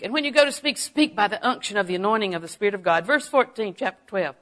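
A middle-aged woman preaching a sermon, folksy and animated, often laughing and dropping to a hush for asides. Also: medium pitch, normal speed, rough recording. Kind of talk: sermon with personal stories.

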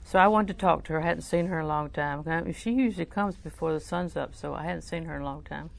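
An older woman preaching in a low, gravelly voice with plenty of fry. She tells stories in a conversational way, often softening almost to a whisper. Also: fast talker. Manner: conversational, soft-spoken, drops to near whisper. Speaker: Christian teacher. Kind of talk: personal storytelling sermon.

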